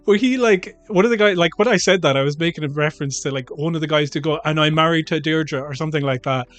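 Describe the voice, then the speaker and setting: Animated man rambling in chat. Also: fairly high pitch, fast talker, no room sound, faint music behind. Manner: rambling, animated, swears freely. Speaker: podcast co-host. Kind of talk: casual chat.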